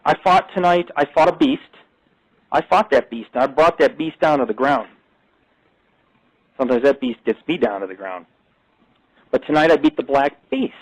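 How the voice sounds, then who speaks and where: A man's voice: on the high side, no room sound, rough recording. A middle-aged man hosting a live internet radio talk show, ranting and boasting in crude, profane language.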